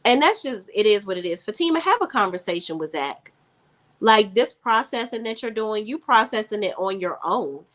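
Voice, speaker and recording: A woman's voice: mid-range voice, lively intonation, normal speed, a bit bright. A woman hosting a casual live stream, recapping a TV drama and chatting sassily with her viewers. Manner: chatty, sassy, reads chat aloud. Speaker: TV recap host.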